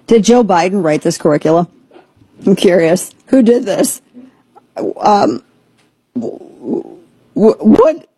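Incredulous joking talk radio hostess. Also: female voice, fairly low pitch, animated, mellow, slightly rough, dry recording. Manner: incredulous, joking, rapid asides. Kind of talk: casual talk show banter.

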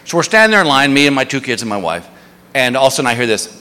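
Middle-aged male comedian, animated storyteller, bright voice, live hall reverb, faint audience noise. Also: medium pitch, racing. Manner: storytelling, animated, self-deprecating. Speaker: stand-up comedian. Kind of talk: stand-up comedy. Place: theater stage.

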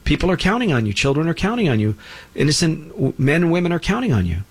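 A man's voice: on the high side, big pitch swings, fast, husky. A middle-aged man hosting a show, talking in an emphatic, preachy monologue and mocking imagined objectors in put-on voices. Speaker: show host. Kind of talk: opinionated monologue.

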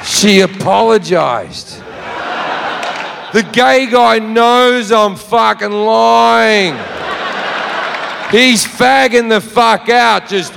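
An Australian man doing stand-up, telling a story in a brash, profane, animated way. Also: high-pitched, extremely slow, vocal fry, pauses often. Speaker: stand-up comedian. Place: live venue with audience. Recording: echoey hall with crowd noise.

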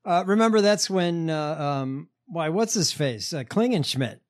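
A man hosting a casual podcast chat, telling stories in a halting, sardonic way. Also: fairly high pitch, expressive. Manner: storytelling, halting with fillers, sardonic. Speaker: podcast host.

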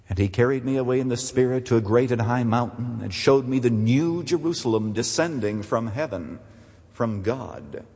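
A man preaching a sermon as pastor, dramatic, with wide swings between loud high phrases and quiet low ones. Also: moderate pace, gravelly, in a large hall.

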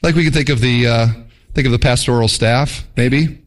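A man preaching a sermon in an animated way, acting out quick mock voices to make his points. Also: medium pitch. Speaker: pastor.

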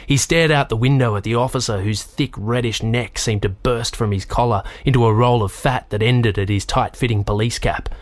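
A man reading a children's novel aloud in a measured, even storytelling manner. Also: medium pitch, no room sound. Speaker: narrator. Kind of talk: audiobook narration.

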